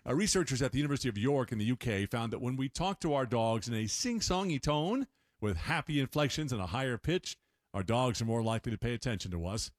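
A man's voice: medium pitch, animated, fast, no room sound, studio quality. A man hosting a radio feature segment, presenting in a chatty style with playful asides. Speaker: radio show host.

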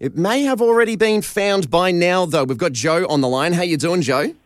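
A man's voice: high-pitched, moderate pace, dry recording, clean studio sound. A man hosting a music radio show, bantering chattily with a caller. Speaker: radio host. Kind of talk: upbeat radio presenting. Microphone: studio mic.

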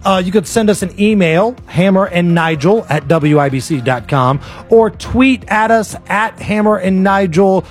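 A man's voice: sits high, animated, faint music behind. A man hosting a talk radio show, joking loosely and reading ads in a casual way. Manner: loose, joking, quick asides. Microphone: studio mic.

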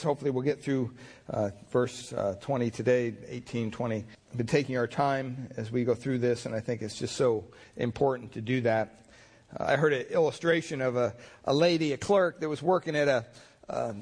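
A male pastor preaching a sermon in a folksy, rambling way, telling stories with many fillers. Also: mid-range voice.

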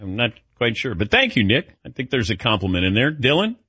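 A man's voice: mid-range voice, very animated, fairly quick, sharp tone, husky, no room sound. A middle-aged man hosting a sports radio show, chatting casually with a wry, self-deprecating manner. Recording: dull lo-fi broadcast audio.

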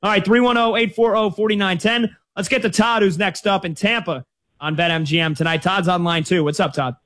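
A man hosting a sports talk radio show, his voice sitting a bit on the high side. He talks in a loose, conversational way, telling stories and taking callers. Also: normal speed. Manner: conversational, lively storytelling.

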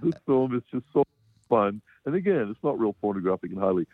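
Yank guy reviewing a movie over a tinny phone line, lowish voice, laughs a lot, lots of ums. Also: big pitch swings, fast talker, no room sound. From United States. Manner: rambling, laughs often, many fillers. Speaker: film reviewer. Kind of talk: casual radio film review.

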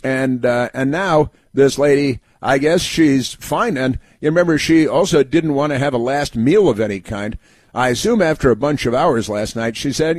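A man hosting a talk show, giving sarcastic political commentary in a halting delivery full of fillers and restarts. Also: medium pitch, no echo. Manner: sardonic, mock-cheerful asides.

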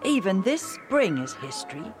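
A woman's voice: medium pitch, normal speed, over music, pitched above the performer's own voice, close to an everyday voice. A woman voicing Joe, a bored, restless boy who grumbles and daydreams eagerly. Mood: insistent. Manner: grumbling, then wistful and excited.

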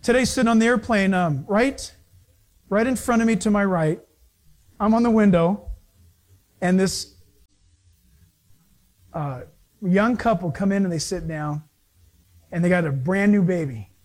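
Male preacher with a high voice, sermon storyteller who slips into other people's voices. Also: a little slow, long pauses. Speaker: pastor.

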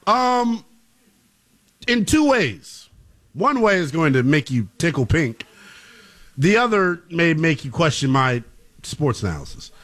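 A man's voice: a little high, sing-song, slow pace, pauses often, fairly bright tone. A man co-hosting a sports talk show, giving emphatic, playful opinions. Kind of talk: animated sports debate.

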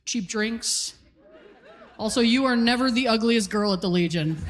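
A woman's voice: a little high, normal speed, big-room sound, noisy background. A woman in her forties from Canada performing a stand-up set, telling stories in a wry, conversational way. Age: 40s. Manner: conversational, wry storytelling delivery. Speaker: stand-up comedian. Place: comedy club stage.

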